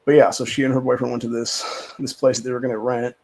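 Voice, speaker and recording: A man's voice: mid-range voice, level tone, fast, darkish tone, low-quality recording. A man hosting a livestream, talking in a rambling, profane, casual rant with lots of repeated filler phrases. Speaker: livestream host.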